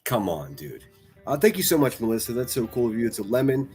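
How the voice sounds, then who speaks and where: A man's voice: mid-range voice, very animated, fast, a little mellow, faint music behind. A man hosting a livestream, reacting to clips with mocking, profane, sarcastic commentary.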